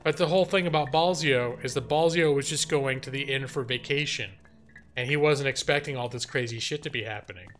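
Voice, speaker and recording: A man's voice: medium pitch, brisk, faint music behind. A young man hosting a live game stream, chatting casually, laughing and reading his chat aloud. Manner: animated, laughing, reads chat and jokes aloud.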